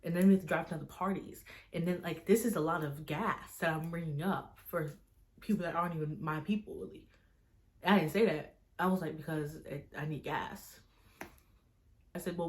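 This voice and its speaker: A young woman with a slightly low-pitched voice tells a story to her camera. She talks casually, scatters "like" through her sentences and slips into other people's lines as she retells the conversation. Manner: casual, fills speech with "like", retells dialogue in quoted voices. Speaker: vlogger.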